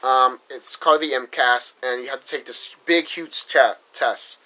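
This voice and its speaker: A young man from Massachusetts rants in frustration on a casual vlog, speaking bluntly and with plenty of profanity while often restarting his sentences. His voice is medium-pitched, steady, and a little slow, with a bright, forceful tone, and the recording is rough.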